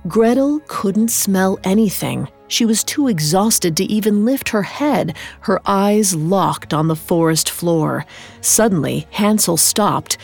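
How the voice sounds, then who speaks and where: A woman host reading a scripted story in a measured, dramatic way. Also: mid-range voice, lively intonation, creaky, a little mellow, faint music behind. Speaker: podcast host and narrator.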